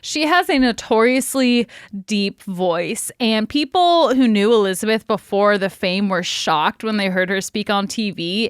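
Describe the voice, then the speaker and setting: A woman's voice: mid-range voice, smooth, no room sound, clean studio sound. A young adult woman co-hosting a podcast, telling a story in casual chat, blunt, laughing often and swearing freely. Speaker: podcast co-host.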